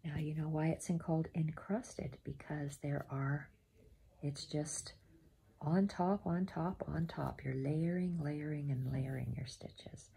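A woman giving a step-by-step embroidery tutorial at home, softly counting her stitches aloud and often dropping to a half-whisper. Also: deep voice, slow, gravelly. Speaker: embroidery instructor.

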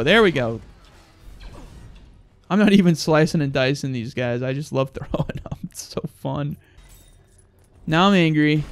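Brief: young male gamer commentator, crude and mock-angry, slightly high, gravelly. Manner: profane, mock-angry, joking. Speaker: gaming video host.

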